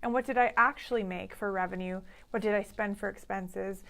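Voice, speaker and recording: A woman business coach talking casually and directly to camera in a live video, upbeat and quick to laugh. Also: mid-range voice, fairly even intonation, gravelly, a bit bright.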